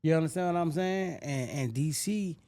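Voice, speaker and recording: A man's voice: a little high, normal speed, warm tone, no echo. A man with a New Orleans accent, a rapper talking casually in an interview with a slangy, swaggering manner. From Washington D.C. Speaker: rapper guest.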